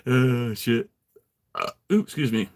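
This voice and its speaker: A man's voice: medium pitch, darkish tone. A man livestreaming from his garage, chatting casually with viewers in a rambling, profane way, laughing often and answering chat. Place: home garage.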